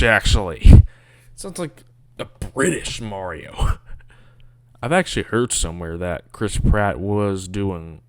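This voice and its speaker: Guy rambling slowly about stuff, kinda low voice, sarcastic grumbly asides. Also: expressive, dry recording. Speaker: video commentator. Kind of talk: casual rambling commentary.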